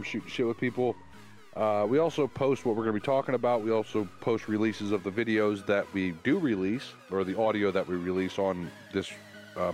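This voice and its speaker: A man co-hosting a casual podcast, telling long jokes with loose, rambling delivery. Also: on the low side. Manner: drawn-out joke telling with character voices. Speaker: podcast co-host.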